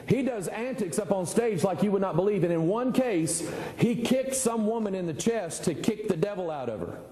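A man's voice: high voice, lively intonation, moderate pace, warm tone, reverberant, long reverb tail, slight background noise, low-quality recording. A middle-aged male pastor, preaching a folksy, conversational sermon full of rhetorical questions.

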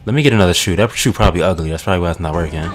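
A young man, narrating a horror game. He talks to the screen in an excitable, swearing let's play style. Game music plays clearly behind him. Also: deep voice, very fast. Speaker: gaming channel host.

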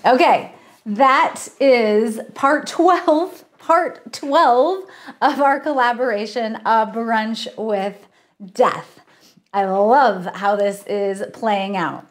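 A woman author reads her own mystery story aloud, then chats with her livestream viewers. She talks at an unhurried pace in a slightly higher register, laughing at herself now and then. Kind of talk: reading aloud and chatting on a livestream.

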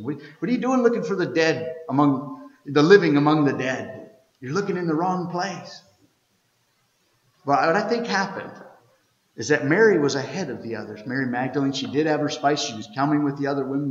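A man preaching an Easter sermon as pastor, telling the story and reading scripture aloud, swinging from loud to hushed. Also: mid-range voice, roomy sound, in a large hall, dull audio. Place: church sanctuary.

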